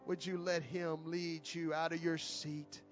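A man preaching an altar call sermon, repeating pleading invitations, swelling loud and then dropping soft. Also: fairly high pitch, flat delivery, unhurried, highs cut off, soft background music. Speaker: guest preacher.

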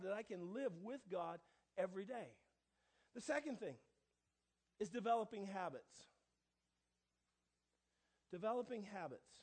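Male pastor, very high voice, sermon delivery that surges loud then drops to a hush. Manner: swings between hushed asides and loud emphatic proclamations. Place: church.

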